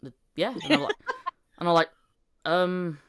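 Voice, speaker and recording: A woman's voice: fairly low pitch, sing-song, brisk, creaky, fairly bright tone. A woman chatting as a podcast guest, rambling and self-deprecating, often laughing and restarting her sentences. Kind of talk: casual podcast chat.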